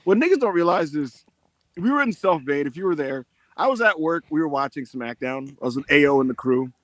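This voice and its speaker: A man hosting a casual podcast chat, telling animated stories and acting out the quotes. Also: on the high side, a little fast, no room sound. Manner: animated storyteller, acts out quotes. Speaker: podcast host.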